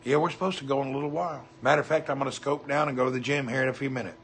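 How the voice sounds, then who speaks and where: A man's voice: mid-range voice, fairly even intonation, very fast, a bit bright, slight background noise. A man with a Southern US accent, chatting casually on a livestream, reading viewer comments and greeting people by name in a folksy way. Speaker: livestream host.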